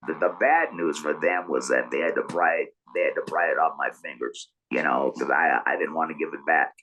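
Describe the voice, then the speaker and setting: A man's voice: very deep voice, sharp tone, a little hiss or hum, low-quality recording. Man speaking through a buzzing electrolarynx. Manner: halting, many repeated words and restarts. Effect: electrolarynx buzz. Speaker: guest telling his story. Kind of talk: casual interview storytelling.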